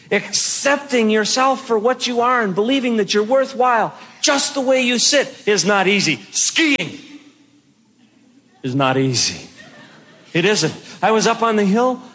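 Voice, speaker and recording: A man performing a stand-up comedy routine, telling stories in an animated way with bursts of shouting. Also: sits high. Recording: noisy recording.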